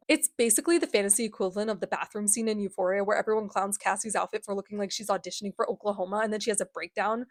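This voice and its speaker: A woman's voice: mid-range voice, very fast, few pauses, no echo. A woman giving a sarcastic, dramatic recap of a book series, in casual chat. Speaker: book reviewer.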